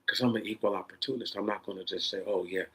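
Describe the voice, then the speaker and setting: A man in an unscripted, profane rant, swinging between loud bursts and a held-down, controlled tone. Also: lowish voice, fairly even intonation, racing, slightly rough. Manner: says he is holding his voice down in a controlled tone. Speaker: vlogger.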